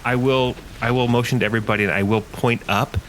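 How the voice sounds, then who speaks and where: A man's voice: medium pitch, steady tone, fast talker, fairly bright tone, slight background noise. A man playing a tabletop role-playing game, thinking aloud as he plans his character's moves. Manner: thoughtful, planning aloud. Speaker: player. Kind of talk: casual tabletop play.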